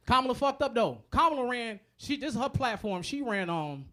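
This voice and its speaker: A man doing a stand-up comedy set, profane and animated, acting out the voices of other people. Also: extremely high pitch, brisk, hardly any pauses, a little hiss or hum.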